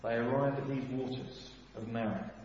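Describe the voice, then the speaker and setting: A man preaching a sermon, animated, full of rhetorical questions and sudden swings between loud and hushed. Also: mid-range voice, moderate pace, a little hiss or hum. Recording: echoey hall, dull sound.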